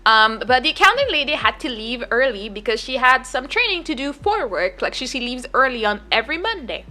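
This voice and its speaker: A young woman streamer talks in a high voice that swoops up and down. She tells a story in casual, chatty fashion, looping back with fillers and restarts. Her tone is bright and sharp. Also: sing-song, fairly quick.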